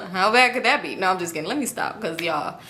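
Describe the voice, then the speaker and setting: A woman's voice: mid-range voice, big pitch swings, fairly quick, sharp tone, slight background noise. A young woman vlogger telling a casual storytime, animatedly acting out her friends' lines.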